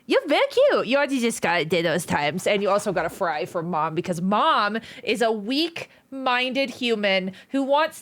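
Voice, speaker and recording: Playful high-voiced woman livestreamer. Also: fairly bright tone, no room sound. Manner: playful, teasing, greets viewers one by one. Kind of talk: casual livestream chat.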